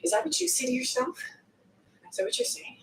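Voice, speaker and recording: A woman coaching a live workout talks briskly in a high-pitched voice, panting as she exercises. She trades profane jokes throughout, recorded from a distance in an echoey space with faint noise.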